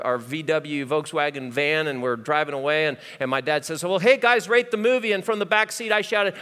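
A middle-aged male pastor preaching a sermon, telling personal stories that swing from loud to hushed. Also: medium pitch, clean tone. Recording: hall reverb.

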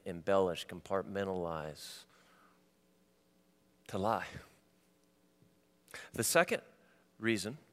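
Pastor preaching in a reverberant hall. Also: male voice, low voice. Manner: shifts from loud and animated to quiet and intimate. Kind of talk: sermon.

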